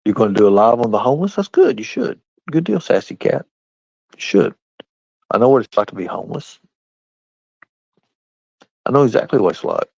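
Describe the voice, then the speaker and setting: A man's voice: on the low side, expressive, fairly quick, gravelly, long pauses, darkish tone, breathy edge, dry recording. A man ranting on a casual livestream, combative and confrontational as he answers his chat, over dull lo-fi audio. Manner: combative, confrontational, talks straight back to chat. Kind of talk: casual live-stream rant. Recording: dull, lo-fi dry stream audio.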